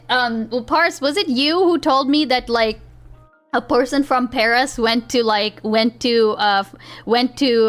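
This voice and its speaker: A woman's voice: on the high side, fairly bright tone. A woman livestreamer chatting casually with her chat, rambling, restarting sentences and laughing often. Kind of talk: casual live-stream chat. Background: faint chill background music.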